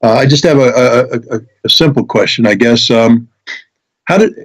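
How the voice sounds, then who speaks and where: A man interviewing a guest, speaking in a calm, measured, reassuring way with frequent "uh" and "um". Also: medium pitch, husky. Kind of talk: interview questions. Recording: dull lo-fi audio.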